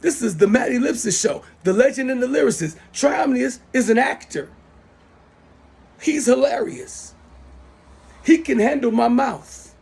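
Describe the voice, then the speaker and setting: A man's voice: extremely high pitch, animated, measured pace, gravelly, long pauses, darkish tone, breathy edge. A middle-aged man delivering a heated, profane, repetitive rant into his smartphone as the host of his own show. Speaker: self-styled show host. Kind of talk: angry rant to camera.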